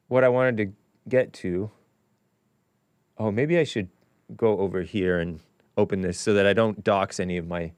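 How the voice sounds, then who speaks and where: A man's voice: fairly low pitch, clear, resonant tone, dry recording. A man hosting his own talk show, chatting casually in a rambling, musing way with offhand asides. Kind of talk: casual livestream monologue.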